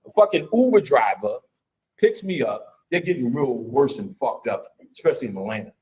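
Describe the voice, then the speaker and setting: A man giving a casual, profane live lecture, blunt and swaggering, breaking into laughs and shouts as he gets worked up. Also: medium pitch, sing-song, a little fast.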